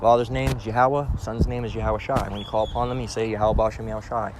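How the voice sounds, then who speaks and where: A man's voice: medium pitch, steady tone, fast talker, background noise. A man giving an informal scripture lesson, emphatic and blunt, often checking in with "all right?" and swearing freely. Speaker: religious teacher.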